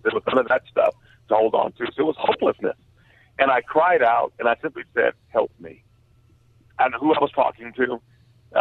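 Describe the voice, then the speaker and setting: A man with a gravelly, creaky voice tells his story earnestly and haltingly, with many fillers. He comes through a narrow, tinny phone line with no room sound. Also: mid-range voice, no echo. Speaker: guest author. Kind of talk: personal testimony in a radio interview.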